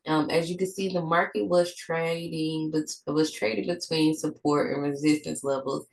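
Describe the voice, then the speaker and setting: A woman's voice: low voice, vocal fry, darkish tone, poor audio. A woman with a stuffed-up nose, reading a trading lesson from her notes, with slips and restarts. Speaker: trading educator.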